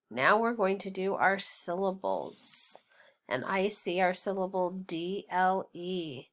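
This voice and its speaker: A woman teaching a phonics lesson to young children, sounding out words slowly and patiently and praising them. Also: fairly low pitch. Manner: slow, deliberate, sounding out words syllable by syllable; encouraging, patient.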